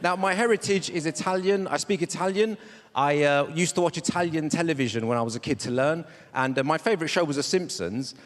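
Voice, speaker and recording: A male comedian giving an animated stand-up audition on a large theatre stage, slipping in and out of silly voices. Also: on the high side, fairly quick, long reverb tail. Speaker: comedian and voice-over artist auditioning. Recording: theatre stage with a live audience laughing.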